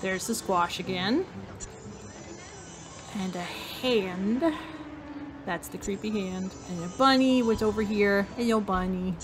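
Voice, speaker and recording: Woman gamer, slow musing commentary, talks to herself, faint game music behind. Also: mid-range voice. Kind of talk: casual let's-play commentary.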